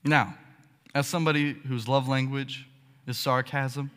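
A man preaching a sermon as pastor, animated and sarcastic, checking in with the congregation with frequent "okay?" asides. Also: medium pitch, unhurried. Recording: long hall reverb.

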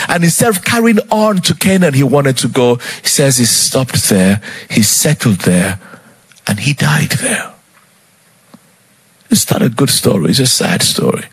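A male preacher with a husky, slightly rough voice delivers a sermon. His pitch swings widely as he retells a scripture story with dramatic flair. He keeps turning to his listeners with rhetorical questions.

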